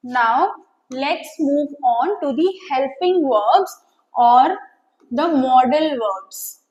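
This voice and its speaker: Slow, high-voiced woman teaching grammar. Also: expressive, darkish tone, muffled recording. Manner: slow, explanatory, with many fillers and pauses. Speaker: English teacher. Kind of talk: classroom grammar lesson. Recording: echoey room with long reverb.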